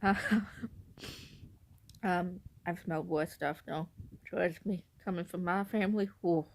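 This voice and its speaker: A woman's voice: lowish voice, steady tone, moderate pace, gravelly. A woman from northern Illinois talking casually to camera in a vlog. She rambles, keeps correcting herself, giggles often and admits to being nervous on camera. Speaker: vlogger.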